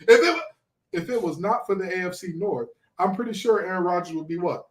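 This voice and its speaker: A man co-hosting a sports podcast, trash-talking in an animated way and throwing in preacher-like exclamations. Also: high voice, fairly quick. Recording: roomy, far from the mic.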